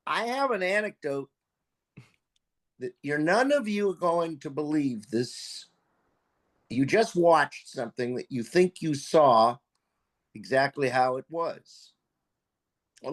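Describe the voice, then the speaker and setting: A man, a filmmaker guest, telling a behind-the-scenes anecdote in a lively, profane way. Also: on the high side, takes it slowly, pauses often. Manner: animated, profane anecdote with acted quotes. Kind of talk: casual storytelling.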